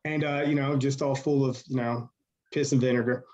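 A man's voice: mid-range voice, steady tone, a little fast, highs cut off, background noise. Rambling man telling stories. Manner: rambling, lots of fillers. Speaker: interview guest. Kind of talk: casual storytelling interview.

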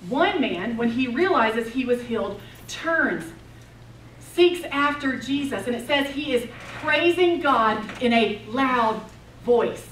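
A woman preaches with passion, swinging from loud declarations to hushed intensity. Her voice sits a bit high, and the mic is far from her. The sound rings in a roomy hall over faint background noise. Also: lively intonation, slow. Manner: impassioned storytelling, swings between loud and hushed. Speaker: women's retreat speaker. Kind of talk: sermon.

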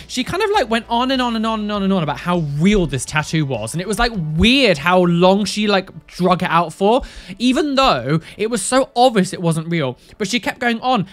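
Animated, sarcastic young woman. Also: lowish voice, a little fast. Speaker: tattoo reaction video host. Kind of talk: casual reaction commentary.

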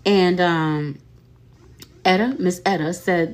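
Woman with a lowish voice gossiping about online drama, says okay a lot, laid back. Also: lively intonation, unhurried. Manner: chatty, laughing, repeats "okay?" and "y'all". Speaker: commentary host. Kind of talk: casual commentary on social media drama.

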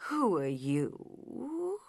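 A woman voicing a sleepy, unfriendly male caterpillar who smokes a pipe, speaking very slowly and curtly. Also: medium pitch, wildly swooping pitch, creaky, husky, dry recording, studio quality, full character voice. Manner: very slow, drawn-out and curt.

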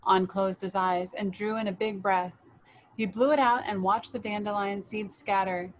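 A woman leading a children's story and meditation, reading aloud in a gentle, soothing way. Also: mid-range voice, fairly even intonation, moderate pace, slight background noise, low-quality recording.

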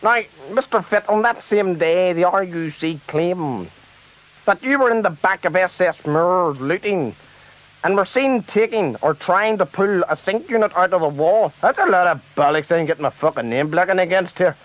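A man's voice: high-pitched, lively intonation, normal speed. A man playing a fussy, flustered TV debate presenter. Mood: officious. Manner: fussy, scolding interviewer. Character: flustered middle-aged male TV debate presenter. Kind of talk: comic radio sketch. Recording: dull lo-fi tape.

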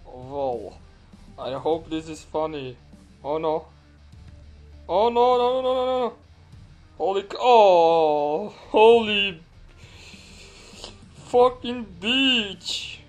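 A man putting on a fake Russian accent to play a crude, excitable commentator called Vladimir, swearing and laughing over a game. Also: a little high, takes it slowly, pauses often, faint music behind. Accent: put-on Russian accent. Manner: swears a lot, laughs and yelps at crashes. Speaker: gameplay commentator. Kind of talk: comic game commentary in character.

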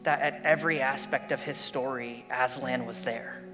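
A male pastor preaching a sermon, telling and reading a story in an earnest, animated way. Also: medium pitch, moderate pace. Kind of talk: sermon with read-aloud story. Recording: long hall reverb with guitar music.

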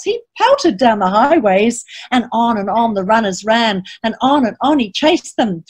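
A children's author reads a picture book aloud to kids as an animated storyteller, reciting rhyming verse in a lively sing-song and asking her listeners questions. Her voice is a little high and husky, at a moderate pace.

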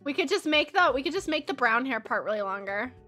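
A chatty woman streamer with a Valley Girl accent rambles and giggles as she draws, leaning on "like" constantly. Her voice is sharp and bright and sits a little high. Soft music plays behind her. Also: animated, fast talker. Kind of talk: casual chat while drawing on stream. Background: soft background music.

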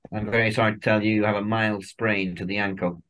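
A man putting on the voice of a sinister, deadpan male doctor, brisk, clipped and coldly polite, in a casual podcast chat. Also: fairly low pitch, natural voice, poor audio.

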